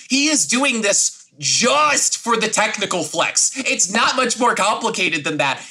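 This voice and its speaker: Bright, excitable man talking camera gear. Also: sits high. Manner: nerdy, technical, excitable. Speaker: podcast co-host. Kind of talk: casual podcast discussion.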